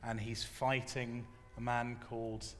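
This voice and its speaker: A man's voice: mid-range voice, level tone, a little slow, a bit bright. A man on a live podcast panel, talking in a rambling, self-deprecating way. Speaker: podcast panelist and script writer. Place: stage at a live convention. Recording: echoey hall at a live event.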